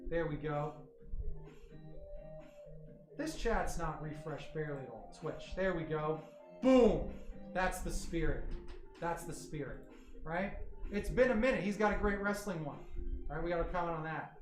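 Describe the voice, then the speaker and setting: A man with a high voice hosts a casual livestream, rambling excitably as he talks with his chat. The recording has a roomy echo and faint music.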